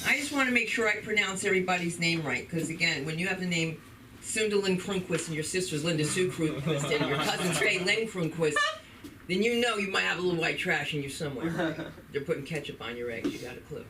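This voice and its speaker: A brash, campy host introduces the next comic with loose banter. The voice sits mid-range and comes from far off the mic, with steady noise in the room. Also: mid-range voice, a little fast. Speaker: comedy show host.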